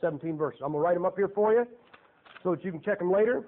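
Male preacher, high voice, folksy and emphatic, keeps quizzing the congregation; thin, phone-like recording. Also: animated, fast. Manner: folksy, emphatic, rhetorical questions to the audience. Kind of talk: sermon. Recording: tinny, phone-like sound.

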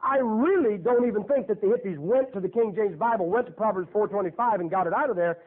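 Male preacher, high voice, folksy and emphatic, phone-thin audio. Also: fast talker. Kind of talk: sermon. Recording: tinny phone-like lo-fi recording.

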